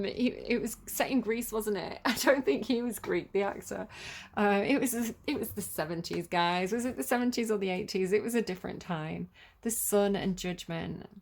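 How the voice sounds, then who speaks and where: A woman's voice: mid-range voice, moderate pace, gravelly, slight background noise. A woman giving a casual tarot reading, talking in a chatty, rambling way with lots of "like" and "you know.". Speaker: tarot reader.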